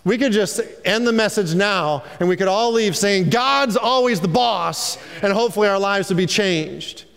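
Animated male pastor, high voice, preaching in a reverberant sanctuary. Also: moderate pace, vocal fry, hardly any pauses, smooth. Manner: animated, preachy, calls for amens. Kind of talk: sermon.

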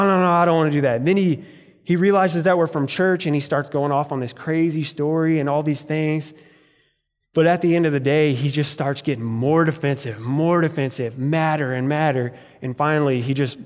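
A man's voice: on the high side, big-room sound. A man preaching a sermon in a church, telling stories in a conversational way. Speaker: pastor. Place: church sanctuary.

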